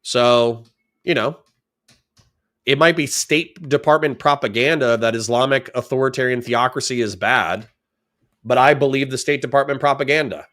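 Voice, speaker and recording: A man's voice: medium pitch, normal speed, fairly bright tone. A man giving blunt, sarcastic, profane commentary on a livestream while reacting to a video.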